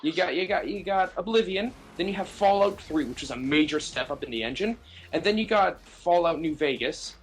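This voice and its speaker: Young male podcast guest, a bit high-pitched, eager and opinionated. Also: animated, a little fast, a little hiss or hum. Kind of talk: casual podcast chat.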